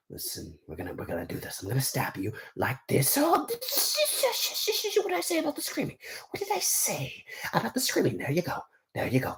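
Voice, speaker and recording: A man voicing a quiet, menacing male pirate captain who whispers threats as he kills. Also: medium pitch, gravelly. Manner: hushed, sinister whispering while stabbing.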